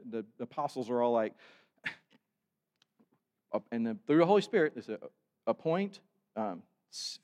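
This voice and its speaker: A man preaching a sermon to his congregation, conversational and animated, with asides to the listeners. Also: medium pitch. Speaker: pastor. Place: church sanctuary. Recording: long church reverb.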